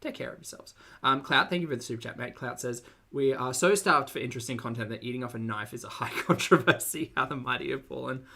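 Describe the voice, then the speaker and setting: A woman's voice: rumbling low, fast, few pauses, sharp tone. A woman streaming a reaction commentary, mocking and blunt with dry sarcastic asides to her chat.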